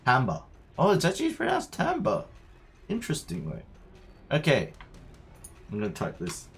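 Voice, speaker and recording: A man's voice: fairly high pitch, wildly swooping pitch, normal speed, creaky. A man streaming a game, chatting to himself and his viewers as he plays. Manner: chatty, talks to himself while playing. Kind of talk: live gameplay commentary. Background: faint game music.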